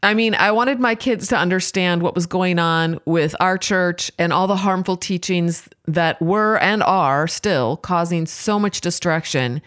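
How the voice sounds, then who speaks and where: A woman's voice: lowish voice, clean tone. A woman speaking in a candid, self-examining way, giving a reflective monologue on faith and parenting.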